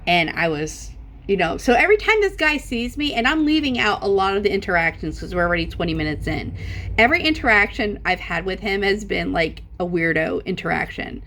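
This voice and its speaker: Gravelly-voiced woman telling a rambling story. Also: mid-range voice, fairly quick, slight background noise. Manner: animated, profane, voice jumps up when emphatic. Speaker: vlogger. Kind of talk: casual storytelling.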